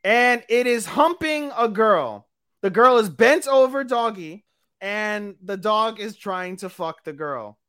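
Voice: mid-range voice, lively intonation, slow pace, a bit bright, smooth. A podcast co-host retelling an anime episode in casual chat, crude and rambling, with plenty of swearing. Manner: crude, profane, rambling storyteller.

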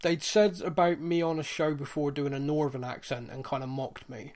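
A man's voice: a little high, fairly even intonation, moderate pace, darkish tone. A man co-hosting a podcast, chatting casually and teasing his co-host in mock-scolding tones.

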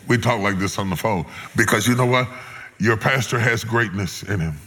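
A man preaching a sermon as a guest preacher, swinging between loud, soaring lines and hushed, low ones. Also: moderate pace, a little hiss or hum. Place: large church auditorium with live congregation. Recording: echoey hall with loud congregation.

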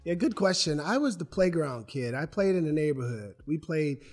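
A former athlete from Portland, Oregon tells his own stories in an interview, animatedly acting out what other people said. His voice is on the high side at a moderate pace, with soft background music.

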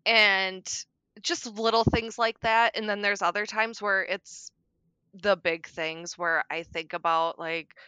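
A middle-aged woman on a podcast, talking candidly about grief, frank and darkly joking, sometimes soft-spoken. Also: medium pitch, steady tone, takes it slowly, clean tone, dry recording, lo-fi sound. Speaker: podcast guest.

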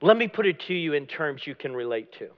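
A man preaching a dramatic sermon as pastor, often dropping to a low hush at the end of a phrase. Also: sing-song, a little fast. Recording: long hall reverb, dull lo-fi sound.

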